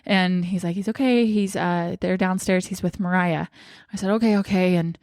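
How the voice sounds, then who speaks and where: A woman's voice: lowish voice, normal speed, no room sound, clean studio sound. A young woman telling a personal story to her viewers in a chatty way, acting out what everyone said. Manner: chatty, animated retelling with quoted dialogue. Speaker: vlogger. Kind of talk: casual storytelling to camera.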